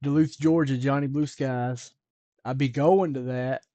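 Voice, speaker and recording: A man hosting a live music stream, chatting with viewers in a loose, joking way, drawing words out slowly for comic effect. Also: mid-range voice, steady tone, warm tone, no room sound. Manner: joking, rambling banter with viewers. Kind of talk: casual chat on a live stream.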